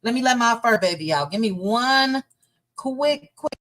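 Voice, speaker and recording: A woman's voice: a little high, animated, unhurried, fairly bright tone. A woman hosting a casual gossip livestream from home, chatting and reading viewer comments aloud. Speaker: gossip show host.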